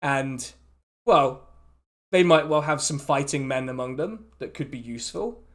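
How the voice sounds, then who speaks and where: A man, running a tabletop game as dungeon master, chatty and quick to laugh, often restarting his sentences. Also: medium pitch.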